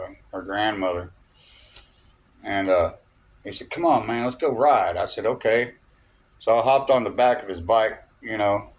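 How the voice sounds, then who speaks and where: A man telling a rambling personal story, chuckling often and checking in with "okay?". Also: fairly low pitch. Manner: chuckling, loose and digressive, peppered with "okay?" and "uh".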